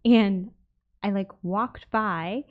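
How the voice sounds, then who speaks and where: A woman co-hosting a podcast, telling stories in an animated, giggly way. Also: medium pitch, very slow, narrow, tinny audio. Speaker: podcast co-host. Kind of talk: casual storytelling.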